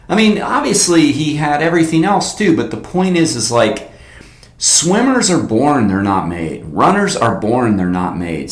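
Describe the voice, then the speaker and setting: Rambling, blunt man with echo. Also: medium pitch. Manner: animated, rambling, blunt, with many fillers. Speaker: fitness coach and podcast host. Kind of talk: casual solo podcast talk. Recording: roomy echo.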